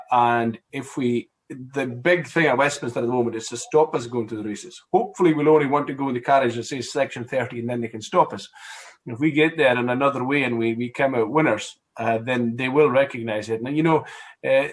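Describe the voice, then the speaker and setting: A man's voice: mid-range voice, a little fast. A middle-aged man from Scotland, speaking as a guest MP in a casual political discussion, rambling with many fillers, restarts and wry asides.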